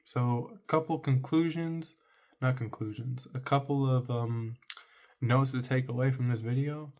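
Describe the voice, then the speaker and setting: Man, vlogger, casual dating-advice monologue, rambling, blunt, swears freely, keeps saying "right?", medium pitch. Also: fairly even intonation, measured pace, darkish tone.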